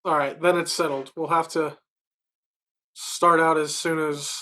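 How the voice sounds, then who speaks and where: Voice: medium pitch, flat delivery, unhurried, sharp tone. A player in a tabletop role-playing game, asking questions in a casual, tentative way.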